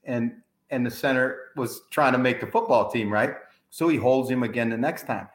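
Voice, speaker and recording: A man hosting a casual sports interview, an animated storyteller who swears his stories are true. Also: medium pitch, normal speed. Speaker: podcast host. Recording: roomy echo.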